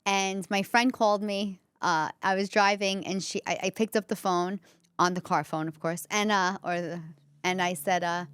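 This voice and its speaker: A woman's voice: medium pitch, steady tone, normal speed, a bit bright, clean tone, no echo. Chatty Bronx-accented woman comedian. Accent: New York (Bronx). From the Bronx, New York. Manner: chatty storytelling, many fillers. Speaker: comedian and podcast host. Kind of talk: candid solo podcast monologue.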